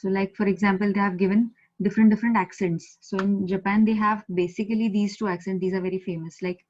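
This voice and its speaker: Indian woman, patient teacher, mid pitch, repeats each word slowly, video call audio a bit dull. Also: steady tone, a little mellow. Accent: Indian English. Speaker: Japanese language teacher. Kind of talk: online language lesson.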